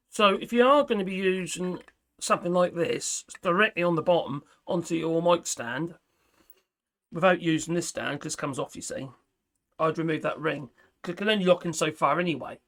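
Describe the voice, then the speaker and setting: A man with a fairly high voice chats away as he unboxes a microphone, muttering to himself as he fiddles. Self-mocking and casual, he talks straight to camera from an indoor home setup. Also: vocal fry, a bit bright. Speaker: product reviewer.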